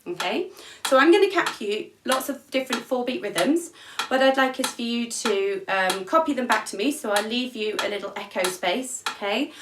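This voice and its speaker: A woman's voice: on the high side, expressive, moderate pace. Woman teaching music in an echoey room. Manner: encouraging, counts beats aloud. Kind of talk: online music lesson for young children. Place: at home, room with instrument. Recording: echoey room, mic at a distance, noisy.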